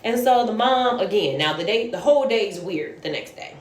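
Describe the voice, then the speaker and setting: A woman's voice: medium pitch, lively intonation, brisk. A woman telling a casual story about her work as a nanny, blunt and profane, sounding exasperated. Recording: roomy echo.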